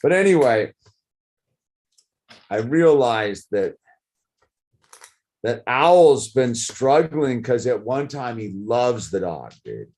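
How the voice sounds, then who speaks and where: Slow-talking laid-back man. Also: medium pitch, sing-song, darkish tone. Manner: rambling, says "dude" and "like" a lot. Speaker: vlogger. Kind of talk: casual rambling chat.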